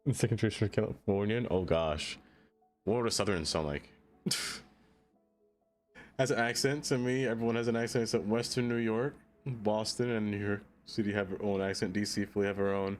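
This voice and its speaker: A man's voice: lowish voice, fairly even intonation, normal speed, soft background music. A young man from the United States chatting casually on a live stream, laughing a lot and playfully trying out silly accents.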